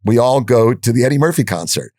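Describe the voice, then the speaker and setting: A man's voice: mid-range voice, a little fast, no echo, studio quality. An older man guest on a podcast, telling stories bluntly and with profanity, acting out the dialogue he quotes. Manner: animated storyteller, acts out quoted dialogue. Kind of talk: storytelling in an interview.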